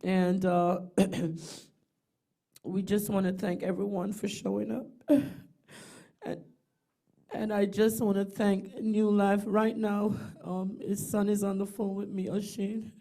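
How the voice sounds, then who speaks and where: A woman's voice: mid-range voice, flat delivery, slow pace, gravelly, pauses often, warm tone. A middle-aged woman, giving tender, rambling eulogy remarks for her brother over a video call. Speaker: bereaved sister giving a eulogy.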